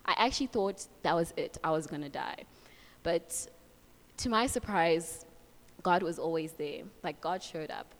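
Young woman, from Africa, heartfelt, filler-heavy talk, slightly low pitch, echoing hall. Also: measured pace. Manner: earnest, heartfelt, many fillers like "like" and "so". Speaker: speaker sharing a testimony. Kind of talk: casual Bible reflection and personal testimony. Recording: long hall reverb.

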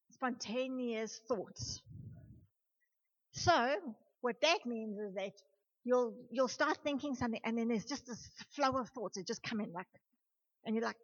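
A woman leading a youth group, giving an animated sermon and speaking straight to the young people in a church room. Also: a little high. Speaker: youth leader. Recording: dull lo-fi recording.

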